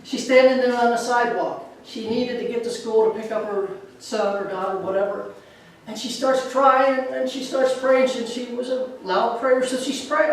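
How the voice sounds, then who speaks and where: A woman telling humorous stories in a lively way, recorded from far off in an echoey room with faint noise. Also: on the high side, moderate pace. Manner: lively, chuckles at her own punchlines. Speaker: storyteller.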